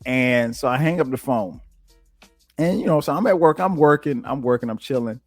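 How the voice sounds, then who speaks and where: Middle-aged south carolina guy telling podcast stories, casual, goes way high quoting himself, dry close mic. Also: brisk, dry recording, soft background music. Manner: animated, jumps to a high voice when quoting himself. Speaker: podcast host. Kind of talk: casual storytelling monologue.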